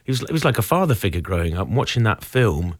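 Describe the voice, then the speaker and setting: A man's voice: lowish voice, very animated, quick pace, dry recording, studio quality. A man being interviewed about his stage role, talking in an enthusiastic, chatty way with plenty of fillers. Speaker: stage actor guest. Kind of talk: casual chat.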